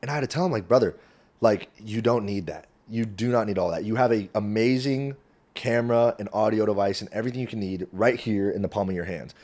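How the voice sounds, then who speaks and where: A young man rambling into his phone camera at home, swearing freely and swinging between quiet asides and loud bursts. His voice sits a little low for a man. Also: quick pace. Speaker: vlogger. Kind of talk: casual rambling monologue. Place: small home room.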